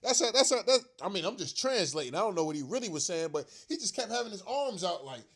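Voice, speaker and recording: A man's voice: high-pitched, big pitch swings, fast, slightly rough. A man ranting as a frustrated fan on his own show, profane and slangy, repeating himself and laughing in disbelief. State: upset and frustrated. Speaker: sports rant vlogger. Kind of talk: fired-up fan rant.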